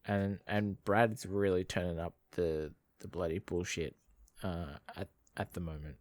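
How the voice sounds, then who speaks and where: A man's voice: low voice, fairly even intonation, measured pace, a little mellow, no room sound. A man with an Australian accent co-hosting a podcast, recapping a movie in a rambling way with lots of fillers. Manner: rambling with fillers, uses "bloody" a lot. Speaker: podcast co-host. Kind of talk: casual movie recap chat.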